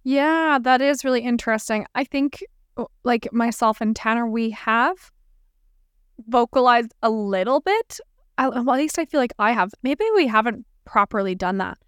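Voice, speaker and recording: A woman's voice: on the high side, normal speed, a bit bright, clean tone, no room sound, clean studio sound. A woman talking reflectively in a casual podcast conversation, using lots of filler words.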